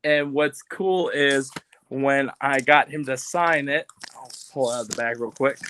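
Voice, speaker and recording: His voice is mid-range, bright and forceful, at a measured pace, with a little hiss or hum in the recording. The man co-hosts a casual podcast from a video call setup, seated back from the camera, rambling with many fillers and doing cartoon voice impressions while sounding slightly off from being unwell.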